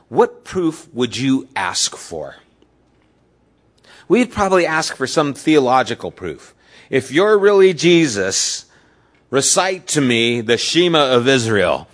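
A pastor preaching a sermon in a conversational way, asking his listeners questions and swinging between loud emphasis and soft, low asides. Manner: conversational, asks the audience questions.

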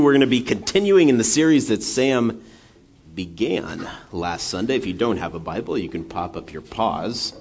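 A man's voice: on the low side, very animated, normal speed, breathy edge. Chatty preacher man, dull lo-fi sound. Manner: chatty and self-deprecating, many restarts and "right?" tags. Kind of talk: casual sermon.

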